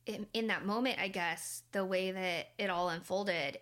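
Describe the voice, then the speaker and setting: A woman in her thirties speaks as a mother reflecting on a personal moment, her voice sitting at an ordinary middle pitch. She talks in an earnest, chatty way, full of fillers and little asides. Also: measured pace, hardly any pauses, fairly bright tone. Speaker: mother sharing a personal story. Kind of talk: casual reflective storytelling.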